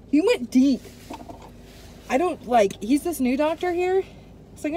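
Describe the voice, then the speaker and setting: A woman's voice: sits high, takes it slowly, long pauses. Chatty woman venting in a car. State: stuffy runny nose. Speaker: travel vlogger. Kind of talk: casual vlog chat. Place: in a car by a busy road. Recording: steady traffic noise.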